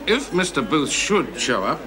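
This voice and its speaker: An actor playing an impatient businessman in a sitcom, talking in a brisk, businesslike way. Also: on the high side, very animated, crowd noise. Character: impatient businessman waiting at an airport. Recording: 1970s TV sitcom with audience laughter.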